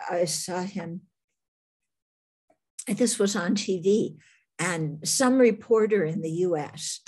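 Slow husky American-born woman teacher. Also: mid-range voice, a little mellow. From United States. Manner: thoughtful, halting, with many restarts. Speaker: Buddhist nun teacher. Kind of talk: Q&A talk telling a story.

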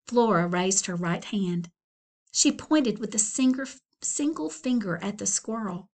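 A woman librarian reading a children's book aloud with expressive, unhurried storytelling. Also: medium pitch. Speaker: school librarian.

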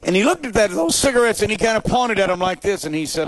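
A man preaching his testimony as a dramatic storyteller, swinging between loud, high emphasis and quiet, low asides before a live audience. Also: very animated, quick pace, few pauses, no room sound. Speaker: evangelist telling his testimony.

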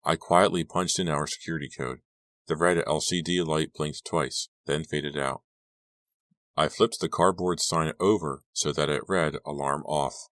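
A man narrating a teen horror audiobook in the first person, reading in a steady, measured way. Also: very deep voice, no echo, clean studio sound.

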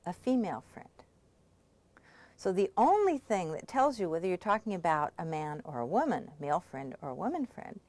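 A woman language instructor giving a scripted pronunciation lesson, explaining patiently and clearly and checking in often. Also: mid-range voice, darkish tone.

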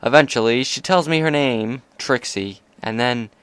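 A man reading aloud and voicing a gruff, boisterous male pony bartender. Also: mid-range voice, normal speed, a bit bright, no echo, natural voice. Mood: storytelling.

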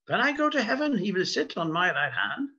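A man voicing a boastful, pompous German emperor in a fake German accent, declaiming loudly. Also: high-pitched, very animated, brisk, husky, voice pushed up, heavily acted. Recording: dull lo-fi recording.

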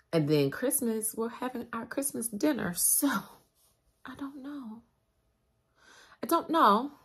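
Lively chatty woman vlogging on a phone. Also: sits low, slightly rough, dry recording, studio quality. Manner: chatty, animated, laughs often, talks to viewers as "y'all". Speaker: beauty vlogger. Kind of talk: casual vlog chat. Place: in a car, then outdoors at night in the cold.

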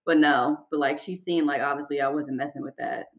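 A woman co-hosting a podcast, telling her own story in relaxed, matter-of-fact casual chat. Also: low-pitched, brisk, muffled recording. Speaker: podcast co-host.

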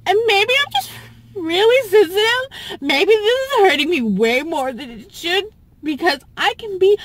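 A woman with a high voice talks straight to camera in a personal vlog. She is tearful and speaks slowly, stopping, restarting and repeating whole phrases as she goes. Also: expressive, a bit bright. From Southern US. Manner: halting, repeats herself, restarts often. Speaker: YouTuber.

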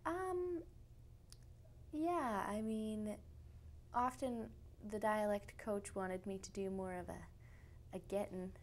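A young Canadian actress chats as a guest in a casual interview, laughing often and trailing off into fillers. She has a mid-range voice, takes things slowly and pauses often. There's a little hiss or hum in the background.

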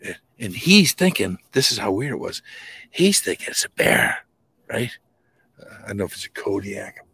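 A middle-aged man from New England, a guest telling a paranormal encounter story in a colloquial, swearing, animated way. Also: fairly low pitch, normal speed, vocal fry, husky, no echo. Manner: colloquial, swears casually, restarts often. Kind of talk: animated storytelling in a podcast interview.

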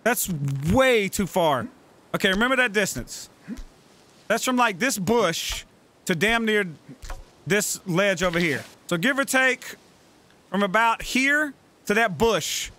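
High, lively-voiced man yelling at a game. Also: unhurried. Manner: excitable, profane, yells at his game character. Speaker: let's play gamer. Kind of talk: gameplay commentary.

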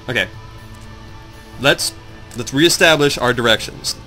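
Groggy from just waking up, a man does casual gameplay commentary, rambling, excitable, and cursing at his own confusion while addressing his viewers. His pitch leaps around in lively swings, his bright, forward voice moves at normal speed with frequent pauses, and faint game music sits beneath him.

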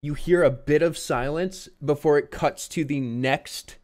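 A young man streaming casual music reaction commentary, profane and incredulous, often breaking into loud outbursts. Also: on the high side, unhurried. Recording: song playing faintly behind.

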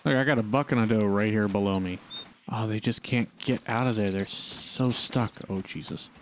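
A man's voice: fairly low pitch, moderate pace, slight background noise. A man giving casual gameplay commentary, talking and pleading with the animals on screen. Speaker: gaming channel host.

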